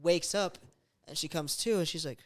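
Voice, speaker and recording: A man's voice: fairly high pitch, normal speed. A man telling a story in casual chat, swearing often and acting out voices in his quotes. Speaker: podcast host.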